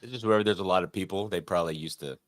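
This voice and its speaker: A man's voice: deep voice, very fast, dry recording. A man in his forties in casual, joking conversation as a guest on a live stream. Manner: joking, teasing. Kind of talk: casual chat.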